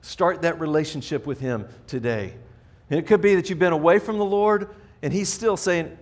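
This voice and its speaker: A middle-aged male pastor delivers a sermon with a slightly raised pitch, talking to his congregation in an earnest, conversational way. He often restarts his sentences and circles back to his point, the way a preacher does when speaking without a script. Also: very animated, normal speed, a little mellow, soft background music. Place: church sanctuary.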